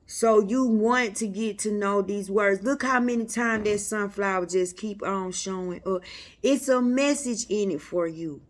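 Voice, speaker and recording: Slow, preacherly woman teaching spirit. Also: mid-range voice. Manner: slow, repetitive, preacherly address to listeners. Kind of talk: unscripted spiritual teaching talk.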